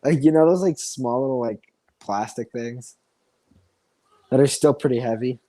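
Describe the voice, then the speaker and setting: A man's voice: mid-range voice, moderate pace, mellow, no room sound, poor audio. A man co-hosting a casual podcast, rambling through anecdotes with many fillers and casual swearing. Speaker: podcast co-host. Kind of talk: casual chat.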